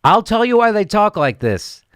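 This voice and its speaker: A man's voice: high-pitched, big pitch swings, moderate pace, a bit bright, clean tone, no echo, clean studio sound. A man hosting a political commentary show, ranting sarcastically and laughing as he mocks what he plays. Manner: sarcastic, mocking, laughs often.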